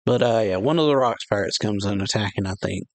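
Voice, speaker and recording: A man's voice: lowish voice, fairly quick. A man hosting a casual reaction to a comic chapter, reading the panels aloud and narrating them loosely, with frequent chuckles and fillers. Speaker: reaction channel host.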